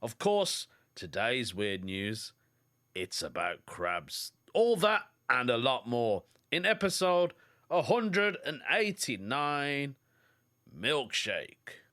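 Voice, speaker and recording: A man's voice: mid-range voice, sing-song, takes it slowly, bright, forceful tone. British male podcast host, chatty solo rambler, mid-range voice. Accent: British English. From United Kingdom. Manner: chatty, rambling anecdotes with put-on quoted voices. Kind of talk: casual solo podcast chat.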